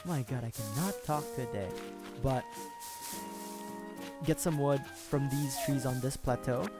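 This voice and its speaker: A male streamer chats casually through a gaming livestream, rambling, correcting himself, and often chuckling, while game music plays behind him. His voice is medium-pitched and a little slow.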